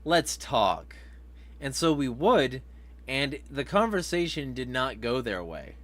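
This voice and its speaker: Medium-pitched and a bit bright, this man's voice swings widely in pitch and moves a little slowly. He hosts a casual vlog livestream, cursing freely, laughing often and reading chat comments out loud.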